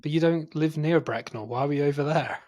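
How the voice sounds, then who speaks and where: A man hosting a casual movie podcast, jokey and quick to laugh. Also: a little high, a little mellow, no echo. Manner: jokey, laughing, plays with silly accents. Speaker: podcast host.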